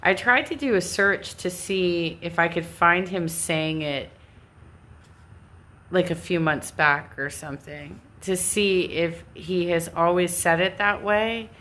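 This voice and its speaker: A woman's voice: lowish voice, slow, bright, forceful tone. A woman with a Californian accent talking to her live stream audience in a rambling, self-interrupting way, laughing now and then. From Southern California. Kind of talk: casual monologue.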